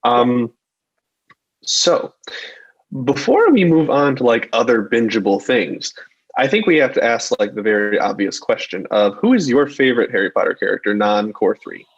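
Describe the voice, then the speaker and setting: A man's voice: medium pitch, very animated, normal speed, dull audio. A young man co-hosting a podcast, talking casually and rambling with many likes and restarts. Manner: rambling, hesitant, lots of likes. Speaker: podcast co-host. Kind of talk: casual chat.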